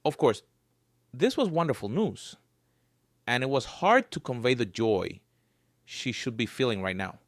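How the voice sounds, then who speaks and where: A man narrating a scripted story in a lively, varied storytelling voice. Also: medium pitch, a little slow, pauses often, dry recording, studio quality.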